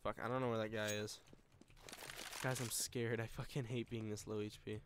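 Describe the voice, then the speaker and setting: Young male gamer, fairly low voice, rambling live commentary with lots of swearing, game gunfire loud underneath. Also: little pitch movement, normal speed, noisy background. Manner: rambling, swears often, laughs at himself. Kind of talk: casual live gameplay commentary.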